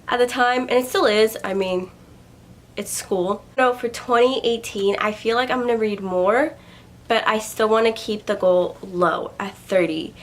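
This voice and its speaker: Young woman, casual talker; loose, rambling vlog delivery full of fillers. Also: mid-range voice. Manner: rambling, lots of "like" and "just like". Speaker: book vlogger. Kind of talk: casual chat.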